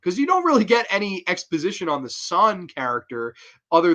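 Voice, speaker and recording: A man hosting a horror film review show, excitable and profane, acting out quotes as he recaps. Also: fairly high pitch, brisk, highs cut off. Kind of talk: casual film review monologue.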